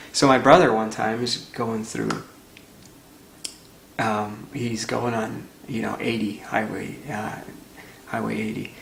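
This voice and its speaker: A man's voice: mid-range voice, gravelly, roomy sound, a little hiss or hum. A man who founded a nonprofit, telling a story in an earnest, conversational way with plenty of fillers. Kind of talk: storytelling talk.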